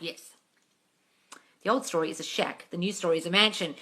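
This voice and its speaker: Bright-voiced woman swearing through a live Q&A. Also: fairly low pitch, fast. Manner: blunt, swears freely, calls viewers darling. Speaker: manifesting coach answering live questions. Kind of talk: casual live-stream Q&A reading comments.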